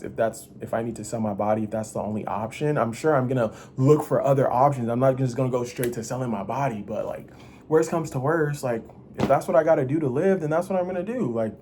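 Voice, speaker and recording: A man talking straight to the camera in a rambling confessional vlog, swearing freely and restarting his sentences. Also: a little hiss or hum. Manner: rambling, restless, swings between loud bursts and low mutters; profane and self-interrupting. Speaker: vlogger. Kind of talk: casual confessional monologue.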